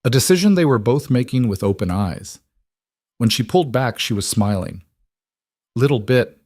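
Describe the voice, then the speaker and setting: A man narrating a story in a slow, measured way. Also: mid-range voice, sing-song, a little mellow, dry recording, studio quality. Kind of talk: scripted narration.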